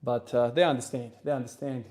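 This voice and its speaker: A man with an Australian accent, from South Australia, hangs out on his livestream between sets at the gym and answers chat in a laid-back, rambling style. The streamer and lifter talks at medium pitch and fairly quickly.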